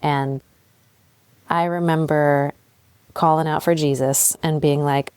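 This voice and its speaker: A woman's voice: deep voice, takes it slowly, pauses often, clean tone, no room sound. A young adult woman hosting a podcast, telling a candid personal story with laughs and blunt swearing. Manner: candid and animated, swears freely, laughs at herself. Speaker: podcast host.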